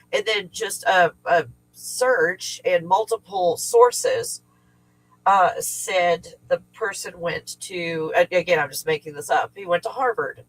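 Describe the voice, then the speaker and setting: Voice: medium pitch, a bit bright, poor audio. A middle-aged livestream host who teaches remote viewing, talking casually and at length, rambling and swearing freely while venting. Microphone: livestream setup.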